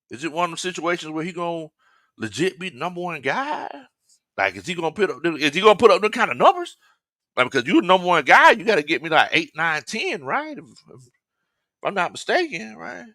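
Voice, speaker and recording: A man's voice: on the high side, big pitch swings, fairly quick, sharp tone, no room sound, clean studio sound. A man hosting a casual sports talk stream, joking, laughing often and reading fan comments. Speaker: sports talk show host.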